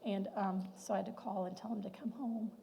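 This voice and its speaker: A woman speaking as a guest at a women's luncheon, sharing a personal testimony in a heartfelt, halting way that sometimes sinks to a near whisper. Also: mid-range voice, little pitch movement, vocal fry, mellow, a little hiss or hum, low-quality recording.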